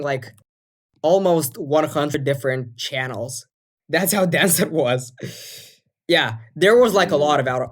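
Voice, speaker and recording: Low-voiced woman rambling about her music. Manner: rambling, many fillers and restarts. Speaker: podcast co-host and music producer. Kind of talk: casual chat.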